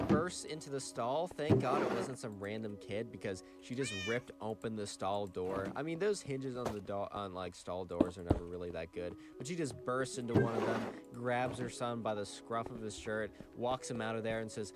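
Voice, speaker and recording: A man's voice: mid-range voice, normal speed, hardly any pauses, loud music behind the voice. A man casually narrating a story, talking in a chatty way full of "like" and "right".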